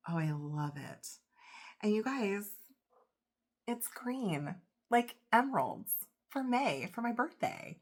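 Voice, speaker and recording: A woman, getting over a cold, unboxing jewelry in a casual vlog, gushing and emotional with gasps and soft whispers. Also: lowish voice, animated, measured pace. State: recovering from a cold. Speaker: reseller vlogger.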